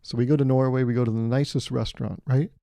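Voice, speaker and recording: A man with a gravelly, mellow voice spins a rambling comic story on his podcast, stacking up details toward a pun. The sound is dry and close. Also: mid-range voice, steady tone, fast talker, no echo. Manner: jokey, building a long setup to a pun. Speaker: podcast host. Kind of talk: comedic storytelling monologue. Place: California.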